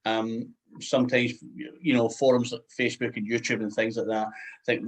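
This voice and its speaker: A man's voice: medium pitch, little pitch movement, normal speed, rough recording. A man with a Scottish accent interviewing guests in a casual chat, rambling with lots of "you know" and restarts.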